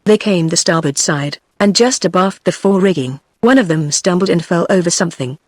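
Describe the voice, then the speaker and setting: A text-to-speech woman's voice with a British English accent, reading a novel aloud in an even, synthetic way. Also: on the low side, moderate pace, dry recording. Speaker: audiobook narrator.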